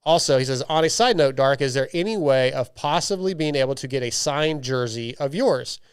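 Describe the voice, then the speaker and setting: This podcast host has a clear, resonant mid-range voice, expressive and at normal speed. He chats casually and reads listener emails in a joking, loose manner with plenty of restarts, captured in clean, dry studio sound.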